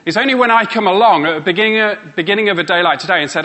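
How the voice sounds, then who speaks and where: A man's voice: high-pitched, racing, few pauses, bright, forceful tone. A man, a motivational speaker giving a live workshop talk and playfully teasing and coaxing his audience.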